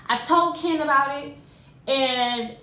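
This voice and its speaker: Young woman, higher voice, animated and slangy storytime delivery straight to camera; echoey room. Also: takes it slowly. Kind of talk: casual storytime vlog. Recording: echoey room with faint hiss.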